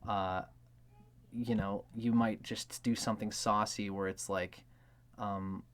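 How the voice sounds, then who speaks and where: Rambling man with a lowish voice. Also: flat delivery, slow pace. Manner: rambling, heavy on filler words; acts out quoted lines. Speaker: astrology video host. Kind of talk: casual explanatory monologue.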